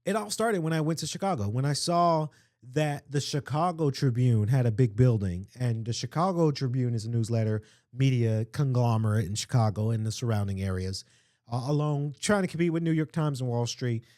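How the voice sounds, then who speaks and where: A man's voice: mid-range voice, fairly quick, darkish tone, no echo, clean studio sound. A man hosting a casual solo podcast, rambling and chatty, with lots of fillers and restarts. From Atlanta area, US. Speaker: podcast host.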